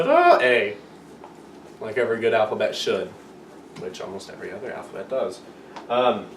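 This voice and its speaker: Joking young man teaching from far back. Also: mid-range voice. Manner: rambling, self-mocking, playful. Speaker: amateur video teacher. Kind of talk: casual joking lesson. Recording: roomy echo, far from the mic, faint room noise.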